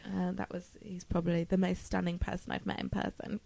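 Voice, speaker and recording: A woman co-hosting a casual chat, animated and laughing, often slipping into impressions. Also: lowish voice, fairly quick, gravelly, a little hiss or hum.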